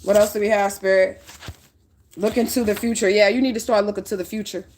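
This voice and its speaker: A woman's voice: mid-range voice, steady tone, fairly quick, a little mellow, a little hiss or hum. A middle-aged woman giving a spiritual reading, preaching bluntly and profanely with heavy emphasis. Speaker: spiritual reader.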